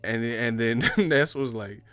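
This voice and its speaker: Man, casual boxing talk, animated storyteller, dry close sound. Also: mid-range voice, takes it slowly, clear, resonant tone, dry recording, soft background music. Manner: animated storytelling, acts out quotes, laughs often. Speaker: boxing commentary host.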